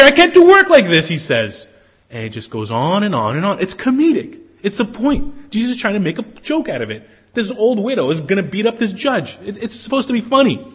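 A man preaching a sermon as pastor, animated and acting out characters, with a husky voice. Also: fairly high pitch. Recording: long hall reverb.

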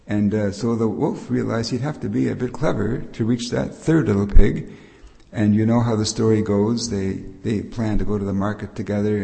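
In a hall with long, lingering reverb, an older man preaches a patient Bible lesson, frequently starting his sentences over as he explains. He has a lowish, gravelly voice with a warm tone.

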